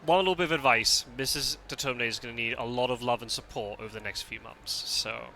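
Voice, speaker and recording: A man's voice: mid-range voice, steady tone, fast, pushed and bright, slight background noise. A Scottish man streaming a game live, chatting casually with his viewers, often laughing and restarting his sentences. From Scotland.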